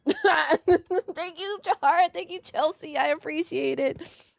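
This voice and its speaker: Giggly high-voiced woman streamer. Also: slow, gravelly, no room sound. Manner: excitable, giggly, rambling. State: teary from crying. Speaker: live streamer. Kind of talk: live reaction stream chat.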